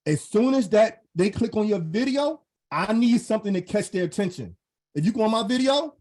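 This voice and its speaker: Husky, high-energy motivational man. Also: animated, a little fast, darkish tone. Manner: high-energy, emphatic, repeats phrases. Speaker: guest speaker and content mentor. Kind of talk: motivational talk on an online group call. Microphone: online call microphone.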